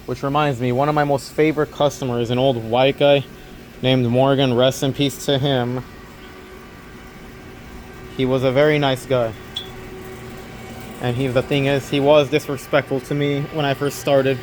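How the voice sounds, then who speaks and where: A man's voice: medium pitch, flat delivery, moderate pace, long pauses, a little hiss or hum. Rambling young man vlogging on a night shift. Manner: rambling, repeats himself, earnest. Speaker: overnight convenience store clerk. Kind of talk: casual talking vlog.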